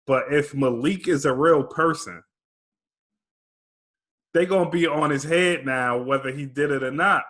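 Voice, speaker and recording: A man's voice: fairly high pitch, unhurried, long pauses, a bit bright. A man co-hosting a podcast, talking things through casually and checking in with "right?". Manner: laid-back, reasoning aloud with frequent "right?". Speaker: podcast co-host. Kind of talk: casual chat.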